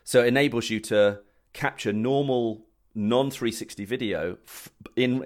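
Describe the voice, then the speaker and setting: A man chats loosely on a talk show. He tells his stories in a rambling way, restarting his sentences and breaking into laughs. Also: fairly low pitch. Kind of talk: casual chat.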